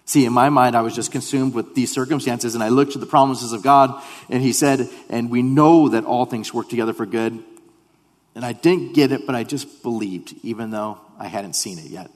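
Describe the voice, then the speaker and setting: A man preaching a sermon in an earnest way, repeating himself and dropping to a hush when he voices quoted prayers. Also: mid-range voice, normal speed. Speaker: pastor. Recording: long hall reverb.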